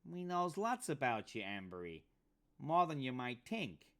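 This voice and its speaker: A man voicing a small, sly rat-like henchman with a pinched, nasal, high voice and street slang. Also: big pitch swings, a little slow, fairly bright tone. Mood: sly menace. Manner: cocky, threatening, street slang.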